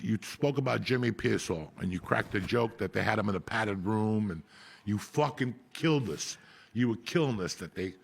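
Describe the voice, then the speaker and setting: A raspy, gravelly man tells school stories full of swearing. His voice is husky and he often cracks up mid-story in a loose podcast chat. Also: lowish voice. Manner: raspy, profane, animated, breaks into laughter. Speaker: podcast host. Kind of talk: profane casual storytelling.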